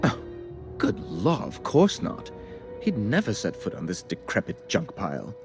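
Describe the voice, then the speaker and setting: A fussy, melodramatic corporate official. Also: male voice, on the low side, wildly swooping pitch, a little slow, over music, exaggerated voice. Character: fussy, melodramatic male corporate official, prim and self-pitying. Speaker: corporate board representative. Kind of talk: video game character dialogue.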